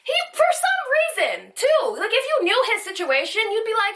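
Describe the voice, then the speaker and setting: A young woman speaks into her phone in a high, sharp voice, ranting through a story with constant swearing. She sits a bit back from the mic, so the sound sits at a slight distance. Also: wildly swooping pitch, fast, few pauses. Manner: rambling, heated, swears constantly. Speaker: vlogger. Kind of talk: storytime vlog. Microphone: phone camera.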